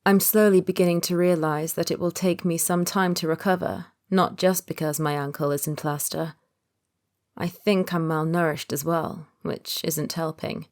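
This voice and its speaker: A woman with a somewhat low voice narrating a romance audiobook in the first person. Her reading is calm and measured, with an even flow.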